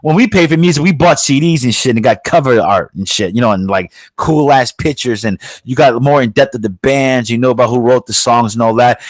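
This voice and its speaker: A man's voice: medium pitch, fairly quick, few pauses, no echo. Profane New man ranting. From New York. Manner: profane, blunt, heated ranting. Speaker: podcast host. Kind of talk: casual podcast rant.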